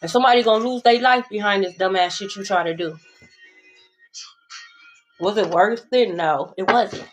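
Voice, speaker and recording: A woman's voice: medium pitch, normal speed, long pauses, lo-fi sound, faint music behind. A young adult woman giving a casual tarot reading monologue, blunt, profane and sassy, repeating phrases for emphasis. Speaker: tarot reader.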